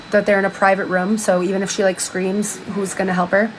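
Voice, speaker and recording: A woman's voice: mid-range voice, level tone, brisk, a little hiss or hum, rough recording. Chatty woman recapping a book. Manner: chatty, lots of "like", exclaims in disbelief. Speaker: commentator. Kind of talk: casual commentary retelling a book.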